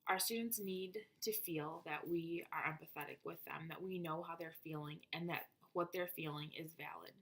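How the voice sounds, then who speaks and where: A woman reading a prepared presentation on classroom methods in a steady, explanatory manner. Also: fairly low pitch.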